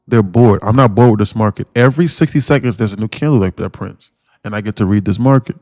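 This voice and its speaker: A man's voice: lowish voice, fast talker, darkish tone, dry recording, studio quality. A man hosting a day-trading livestream in casual chat, rambling and slangy, firing off blunt rhetorical questions and repeating himself.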